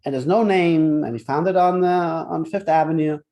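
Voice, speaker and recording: A man's voice: on the high side, moderate pace, warm tone. A man teaching a Torah class in a chatty, interactive way, telling jokes and often checking in with "right?". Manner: chatty, keeps asking "right?", tells jokes.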